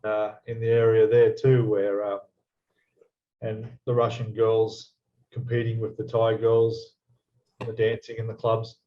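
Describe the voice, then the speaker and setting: A man's voice: lowish voice, monotone, a little slow. A man with an Australian accent, co-hosting a casual chat in an easygoing way and steering the talk back on track. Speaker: co-host. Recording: dull lo-fi audio.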